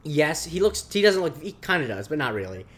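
A man's voice: fairly high pitch, big pitch swings, fairly bright tone. A man co-hosting a podcast, recapping a TV episode in casual chat, rambling with lots of fillers. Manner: rambling, filler-heavy, slips into quick voice impressions. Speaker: podcast co-host.

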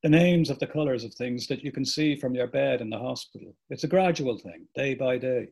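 A man reading aloud as a middle-aged father reflecting on lost memory, in a slow, reflective way. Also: medium pitch, gravelly, darkish tone, breathy edge. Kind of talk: reading a book passage aloud.

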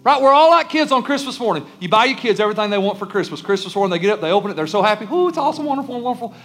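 A man's voice: high voice, very fast, a bit bright. A man preaching a sermon as a pastor, emphatic, sometimes acting out the pleading voices of churchgoers and children. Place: church sanctuary.

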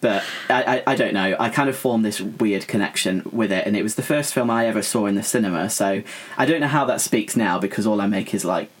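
A man's voice: fairly low pitch, brisk, a little hiss or hum. A young man co-hosting a podcast, chatting casually about films and rambling with fillers and restarts. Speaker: podcast co-host. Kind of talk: casual film chat.

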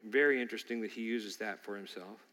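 A man's voice: fairly low pitch, fast talker, a bit bright. A man preaching a sermon as a pastor, quoting scripture and acting out the devil's lies before answering them. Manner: preaching with rising intensity, acting out Satan's lies. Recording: long hall reverb.

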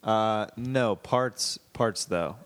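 A man's voice: fairly low pitch, drawn-out words, smooth. A man co-hosting a casual chat, jokey and trailing off into laughs.

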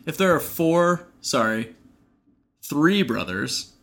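A man's voice: fairly high pitch, expressive, takes it slowly, a bit bright. A young man co-hosting a podcast in casual chat, joking, asking quizzical questions and laughing a lot. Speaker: podcast co-host.

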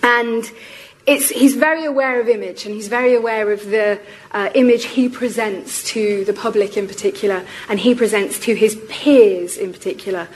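A woman giving a public lecture on history. Her voice is going hoarse, and she explains things in a measured way with frequent ums. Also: a little high, low-quality recording. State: losing her voice.

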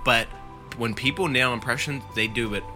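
A man's voice: mid-range voice, moderate pace, sharp tone, faint music behind. A man co-hosting a casual podcast, rambling and explaining things at length. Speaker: podcast co-host. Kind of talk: casual chat.

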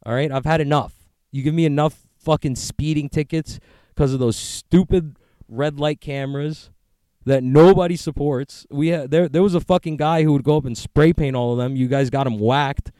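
A man's voice: on the high side, steady tone, moderate pace, mellow, smooth, no echo, clean studio sound. A man talking in a casual, rambling monologue, swearing often and joking as he goes.

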